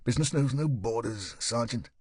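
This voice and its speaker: A man's voice: mid-range voice, moderate pace, darkish tone, slightly rough, dry recording, clean studio sound, lightly acted. A male narrator voicing an irritable gym-owning husband who answers in a curt, growling way. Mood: defensive.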